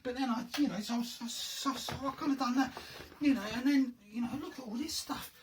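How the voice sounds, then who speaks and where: A man's voice: very high voice, fairly even intonation, fairly quick, crowd noise. A man rambling casually as he shows off a handmade box for a board game, thinking aloud and poking fun at himself. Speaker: hobbyist showing his handmade game box. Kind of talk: casual show-and-tell chat.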